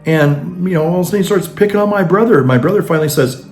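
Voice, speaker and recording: A man with a somewhat high-pitched voice delivers a loose, rambling monologue full of restarts. He acts out the people he quotes as he goes. Faint music plays behind him. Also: racing, hardly any pauses. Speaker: vlogger. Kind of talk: casual monologue.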